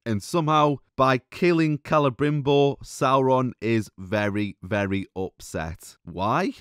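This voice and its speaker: A man's voice: medium pitch, takes it slowly, fairly bright tone, smooth, no echo, clean studio sound. A man giving an opinionated video review, sarcastic and scornful, swearing freely as he picks a show apart.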